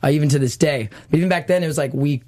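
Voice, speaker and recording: A man, a dancer guest, telling animated stories in a casual interview, laughing often and acting out other people's lines. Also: fairly high pitch, rapid-fire.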